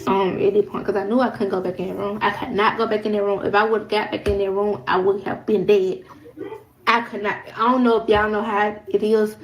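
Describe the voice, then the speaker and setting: A woman's voice: mid-range voice, level tone, brisk. A young woman telling a personal story in a casual, rambling way, using slang and repeating her phrases. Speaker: vlogger. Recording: noisy background hiss.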